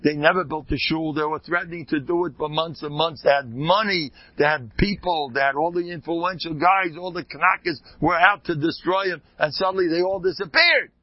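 Older man, rebbe type, informal Torah talk. Animated and jokey, somewhat high-pitched voice, muffled mic. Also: brisk, few pauses, dry recording. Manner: animated, joking, sprinkled with Hebrew and Yiddish terms. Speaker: rebbe teaching a Torah class.

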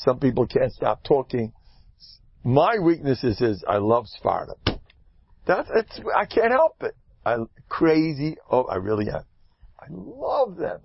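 An older rabbi with a husky voice preaches in a lively, joking way. He leaps up into loud high-pitched outbursts, then drops to soft asides. The recording is dull and dry. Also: no echo. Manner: animated, swings to loud high exclamations and hushed asides. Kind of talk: lively Torah talk with jokes.

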